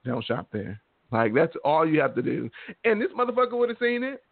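A man co-hosts a casual podcast, ranting bluntly and swearing constantly. His voice is on the higher side for a man. The sound is dry and narrow, like a phone call. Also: sing-song, fairly quick, vocal fry, no echo. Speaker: podcast co-host. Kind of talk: casual chat.

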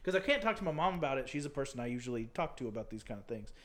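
A man's voice: medium pitch, very animated, racing, fairly bright tone. A young man co-hosting a casual podcast, talking loosely with lots of fillers and restarts. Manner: filler-heavy, rambling with many likes. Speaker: podcast co-host.

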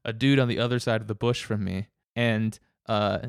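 A man's voice: on the low side, fairly even intonation, normal speed, clean tone, no room sound, clean studio sound. A man telling a rambling story in casual chat, with many restarts and frequent laughs.

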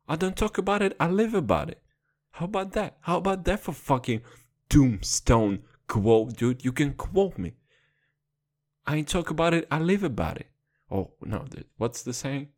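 A hoarse man in his twenties ranting casually, profane, rambling and mock-dramatic. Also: a little high, a little mellow. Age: 20s. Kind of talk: casual comic rant.

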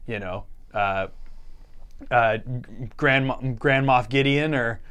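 A man co-hosting a casual podcast chat, playful and animated. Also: mid-range voice, takes it slowly, a little hiss or hum. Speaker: podcast co-host.

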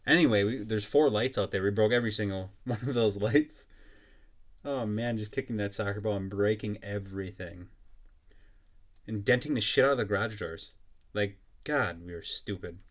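A man's voice: fairly low pitch, moderate pace. A young man hosting a podcast, ranting in a blunt, profane and mocking way. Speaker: podcast host. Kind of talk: casual solo podcast rant.

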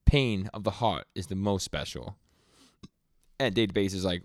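A young podcast co-host with a deep voice casually recaps manga, retelling comic scenes in quick quoted lines and stammering often as he trips over his words. The recording is dry and studio quality.

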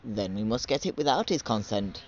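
A man's voice: fairly low pitch, animated, moderate pace, highs cut off, slight background noise. A man voicing a stern, cunning old male god who speaks in a commanding way, in a storytelling reading.

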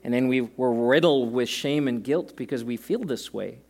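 A man's voice: medium pitch, normal speed, darkish tone. A male pastor preaching a sermon to a congregation in a church service, talking conversationally with joking asides and emphatic repetition.

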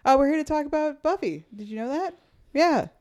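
A woman hosting a casual fan podcast, talking in a lively, chatty, self-mocking way. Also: sits high, a little fast. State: highly caffeinated. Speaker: podcast host.

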